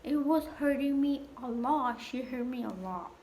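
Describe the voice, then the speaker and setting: A young adult woman telling a casual storytime vlog, halting and repetitive with many fillers. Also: sits high, darkish tone, a little hiss or hum. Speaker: vlogger.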